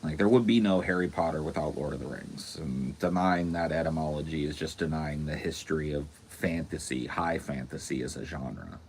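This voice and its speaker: A man's voice: extremely low pitch, normal speed, creaky, hardly any pauses, a little hiss or hum. A man co-hosting a podcast, chatting casually in loose, joking, slangy banter. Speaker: podcast co-host. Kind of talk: casual chat.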